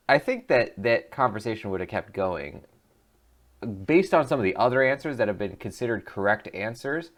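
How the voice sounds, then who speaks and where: Male streamer, casual game commentary, chatty and musing, lowish voice. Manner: chatty, laughing, musing aloud. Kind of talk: gameplay commentary.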